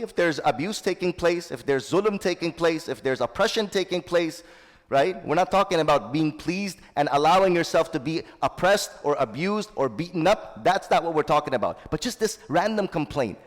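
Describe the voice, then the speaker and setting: High-pitched man preaching in a hall. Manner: recites Arabic and translates it line by line; addresses listeners as brothers and sisters. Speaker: Islamic teacher. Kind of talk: sermon. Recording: long hall reverb.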